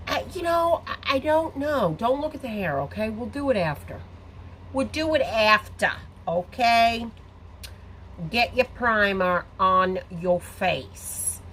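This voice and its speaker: Middle-aged woman hosting a live makeup stream, chatty and rambling, slow unhurried delivery with lots of swing in her pitch. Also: a bit bright, a little hiss or hum. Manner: chatty, rambling, talks to viewers. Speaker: makeup livestream host. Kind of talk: casual live makeup tutorial. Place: home or salon with ring light. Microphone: phone camera.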